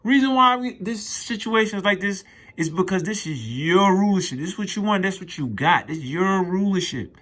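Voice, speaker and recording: A man teaching scripture in an informal, emphatic way, reading verses aloud and riffing on them in rough, profane slang. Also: high-pitched, expressive, normal speed, fairly bright tone. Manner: reads scripture aloud then riffs on it. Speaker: street preacher.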